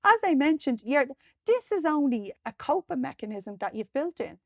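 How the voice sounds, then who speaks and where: Woman, podcast host, self-help coaching, encouraging, fairly high voice, dry close sound. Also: sing-song, moderate pace, dry recording. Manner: encouraging, coaching listeners directly. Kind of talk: motivational self-help talk.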